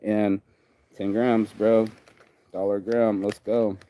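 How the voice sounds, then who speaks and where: A man's voice: lowish voice, flat delivery, slow, warm tone, poor audio. A man hosting his own vlog, chatting casually and rambling outdoors by a beach, full of "bro" and "you know". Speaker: vlog host.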